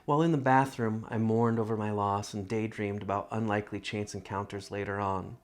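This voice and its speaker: A man reading his own literary love story aloud in a measured, reflective first-person narration. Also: on the low side, steady tone.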